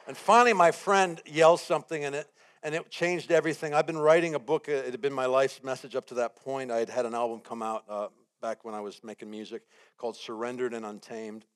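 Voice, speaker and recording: A man preaching a sermon as guest speaker, telling a story with lively acted-out quotes and building repeated phrases. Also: medium pitch, fairly quick. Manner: animated storytelling, acts out his own panic and quotes.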